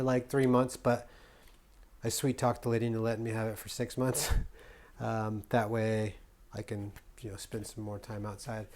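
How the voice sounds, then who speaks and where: Guy vlogging, loose and jokey, lots of ums, mid pitch. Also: darkish tone. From United States. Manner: rambling and playful, with many fillers. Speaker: travel vlogger. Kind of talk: casual vlog chat.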